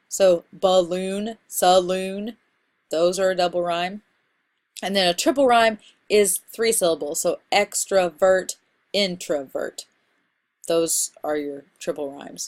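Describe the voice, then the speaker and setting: A woman instructor giving a casual recorded lecture on poetry terms, explaining in a relaxed, conversational way with fillers. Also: medium pitch. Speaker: college literature instructor.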